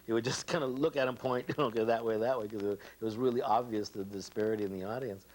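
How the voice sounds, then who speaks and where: A male comedian in an interview, recalling stories in a relaxed way, chuckling and acting out voices. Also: lowish voice, quick pace, rough recording. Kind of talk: casual anecdotal interview.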